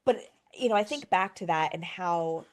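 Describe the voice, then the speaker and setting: Woman therapist on a podcast, telling a story all animated, curses a lot, acts out what she said. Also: on the low side, normal speed. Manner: animated, swears freely, acts out her own reactions. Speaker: podcast host, trauma therapist. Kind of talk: casual storytelling chat.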